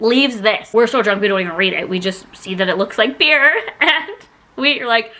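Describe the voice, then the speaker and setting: Giggly chatty young woman, bright voice. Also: a little high, animated, fairly quick. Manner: giggly, rambling, self-mocking. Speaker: beauty YouTuber. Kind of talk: casual chat to camera.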